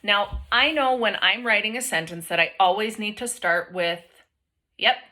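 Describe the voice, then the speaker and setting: Speaking at a medium pitch, a young woman teacher reads a picture book to a group of children. She keeps it gentle and encouraging, pausing frequently to put questions to them.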